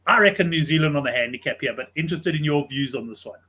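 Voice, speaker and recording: A man hosting a sports betting show, chatting casually and telling stories in an animated way. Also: on the high side, fast talker, breathy edge. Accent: South African English.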